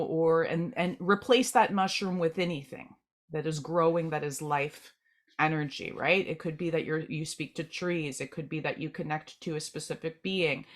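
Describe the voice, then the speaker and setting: A woman with a fairly low voice leads a spiritual group tarot reading. She speaks gently and meanders, often halting, restarting and repeating words as she searches for what she senses.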